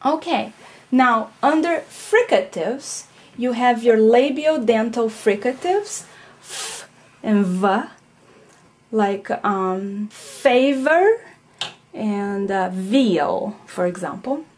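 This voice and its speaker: A woman's voice: on the high side, lively intonation, takes it slowly. A woman teaching a recorded phonetics lesson, explaining patiently and checking in with "okay?" and "right?".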